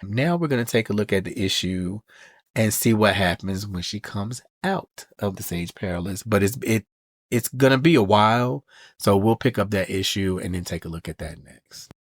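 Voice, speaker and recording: A man's voice: fairly low pitch, animated, moderate pace, no room sound, clean studio sound. A man hosting a podcast, telling a comic book story in a casual way and briefly voicing the characters' lines. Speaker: podcast host.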